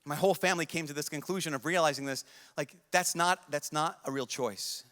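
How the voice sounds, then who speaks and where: Speaking a little fast with a sharp, slightly high voice, a young priest pleads earnestly with a big youth conference audience, circling back over the same words. It's an emotional sermon in a large conference hall, heard through a long hall reverb.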